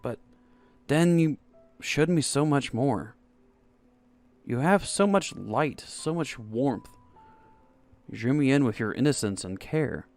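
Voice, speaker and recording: Man voicing a low, rough-voiced insomniac lover. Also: expressive, slow, long pauses, a little mellow, faint music behind. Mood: tender. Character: brooding young man with insomnia, pleading.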